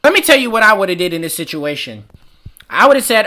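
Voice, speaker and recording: A man hosting a reaction video, giving loud, incredulous, slang-heavy comedic commentary. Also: high-pitched, very animated, brisk.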